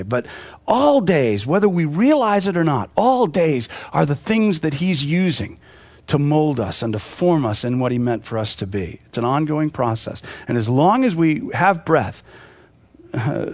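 A male pastor delivering a casual, chatty sermon. His voice sits high and swings widely in pitch as he talks, and he laughs easily between points. The sound is dry and close. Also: no room sound. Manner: animated, conversational, laughs often.

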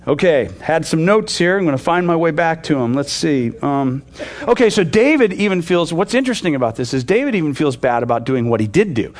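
A man teaching a sermon in a loose, conversational way, full of "you know" and restarts, growing animated as he retells a story. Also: a little high, a little fast. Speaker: pastor.

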